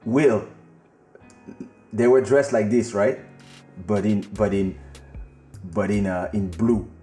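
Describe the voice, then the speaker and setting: A man hosting a podcast tells a rambling story in a fairly low voice at a slow pace. The room is echoey with faint music behind him. He's animated, swears, laughs, and turns to speak with an off-mic friend.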